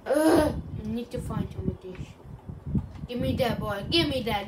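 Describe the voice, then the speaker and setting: A woman's voice: on the high side, moderate pace. A woman rambling through silly, self-joking commentary while playing a video game. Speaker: gaming channel host. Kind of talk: casual gameplay commentary. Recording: distant mic with clear background noise.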